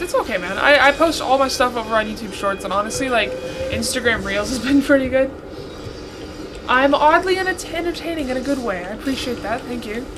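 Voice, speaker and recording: A young woman streaming a horror game, chatting with her viewers and reading their messages aloud. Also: high voice. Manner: chatty, reads chat aloud, shrieks and swears when scared. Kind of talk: live-streamed gameplay commentary. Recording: noticeable background noise.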